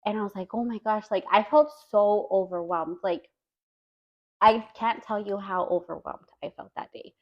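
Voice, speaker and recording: A woman's voice: medium pitch, fairly even intonation, normal speed, highs cut off. A woman guest on a podcast telling a personal story in casual chat. She talks earnestly and fills her speech with "like" and "you know.".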